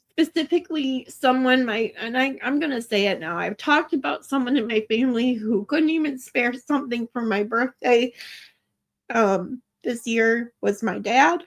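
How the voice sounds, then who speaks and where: A woman's voice: on the high side, fairly bright tone. A woman hosting a casual livestream, talking to viewers in an emotional, chatty way with a lot of swearing. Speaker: livestream host.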